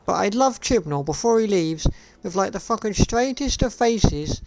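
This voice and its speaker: A man's voice: sits high, expressive, moderate pace, gravelly, darkish tone, no echo. A man streaming live, ranting in a sarcastic, profane and repetitive way. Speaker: gaming streamer. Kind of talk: casual live-stream rant.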